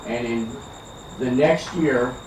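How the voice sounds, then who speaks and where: A man's voice: medium pitch, slow. An older man from Philadelphia doing chatty stand-up comedy at an outdoor backyard party, teasing the crowd. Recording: echoey, distant, noisy outdoor party recording.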